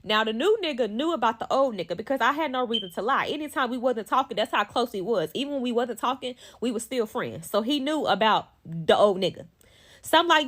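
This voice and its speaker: A woman with a high, bright-sounding voice rolls through a personal story in a casual storytime. She tells it with animated, profane drama and swears freely. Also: moderate pace.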